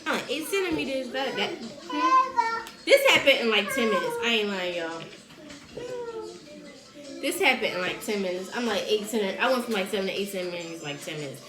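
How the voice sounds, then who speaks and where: A woman's voice: mid-range voice, fast talker, reverberant, over loud music. A woman telling a story in a casual chat, laughing often and acting out what people said. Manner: animated, laughs often, acts out quotes. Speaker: host.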